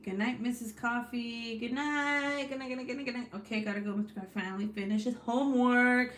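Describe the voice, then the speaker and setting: A woman's voice: mid-range voice, slight background noise. A woman in her thirties hosting a crafting livestream, chatting casually and telling rambling stories full of swearing. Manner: profane, rambling storyteller. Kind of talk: casual chat while crafting.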